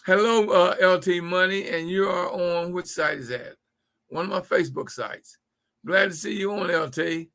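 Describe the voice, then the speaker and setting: High, gravelly, emphatic male livestream host. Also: normal speed, a bit bright. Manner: emphatic, repeats words, addresses viewers directly. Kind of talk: live-streamed political talk to viewers.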